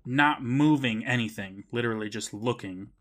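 A man's voice: mid-range voice, moderate pace, fairly bright tone. A man co-hosting a podcast, retelling a TV episode's plot in casual chat with wry, joking asides. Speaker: podcast co-host.

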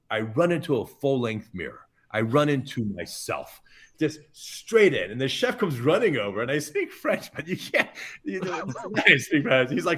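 A middle-aged chef, a man, telling self-mocking anecdotes in a podcast interview, full of quick asides. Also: mid-range voice, sing-song, a bit bright. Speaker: chef guest.

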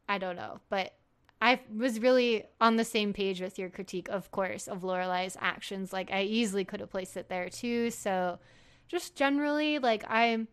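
A woman's voice: fairly high pitch, clear, resonant tone. A young woman co-hosting a podcast in casual chat, rambling and filling her talk with "like.". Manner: rambling, many "like" fillers, laughs often. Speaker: podcast co-host.

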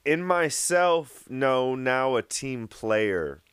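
A man's voice: mid-range voice, animated, drawn-out words, fairly bright tone, clean tone, no room sound, clean studio sound. A man, a musician guest in a casual interview, joking and playful, who slips into put-on accents.

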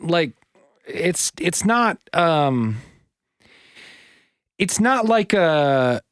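A man's voice: a little high, big pitch swings, very slow, no echo, clean studio sound. A man co-hosting a podcast in casual chat, rambling with lots of fillers and retelling stories. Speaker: podcast co-host.

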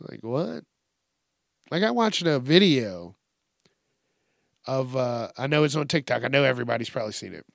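Male podcast host, early-morning rasp, profane and animated solo rant, dry close mic. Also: measured pace, long pauses, dry recording. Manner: profane, animated, mimics people in high yelps.

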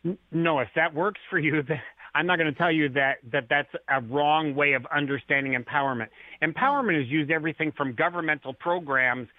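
A man's voice: fairly high pitch, brisk, no echo. A male author on a radio interview, explaining ideas through stories and acted-out lines. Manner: storytelling, acts out quoted lines. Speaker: author and guest. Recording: tinny phone line.

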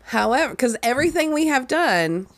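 Woman co-host, chatty and giggly, animated pitch, loose podcast banter. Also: moderate pace. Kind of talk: casual podcast chat.

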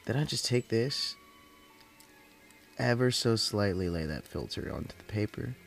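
Over soft background music, a man with a fairly low voice and vocal fry talks in an animated, unhurried way. The tired-after-work podcast host from the California desert rambles through profane stories, peppering them with "like."

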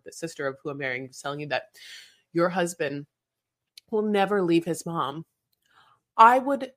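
A woman co-hosting a podcast, chatting casually and animatedly, rambling and slipping into playful quoted voices. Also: lowish voice. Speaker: podcast co-host. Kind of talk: casual chat recapping a reality show.

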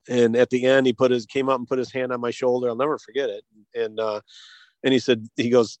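A man from the United States, a guest on an interview show, telling a story in a halting way with many restarts and chuckles. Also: medium pitch, little pitch movement, no echo. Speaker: guest, hearing device company co-founder.

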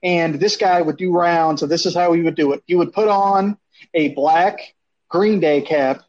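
A man tells a rambling, profane story with lively energy, acting out the people in it. His voice sits a little high, and the recording sounds dull and lo-fi. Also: measured pace. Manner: animated, profane, acts out quotes. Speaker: storyteller on a podcast. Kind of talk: casual storytelling chat.

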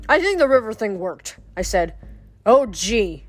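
A woman's voice: medium pitch, animated, normal speed, no echo. Female reader, mid-range voice, reads a novel aloud, trips over words, faint music behind. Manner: often stumbles and restarts words.

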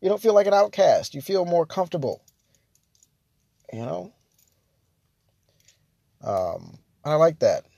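A man's voice: a little high, big pitch swings, measured pace, gravelly, pauses often, warm tone, no room sound. A young man hosting a casual solo podcast, rambling with many fillers and restarts, chuckling between thoughts. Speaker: podcast host.

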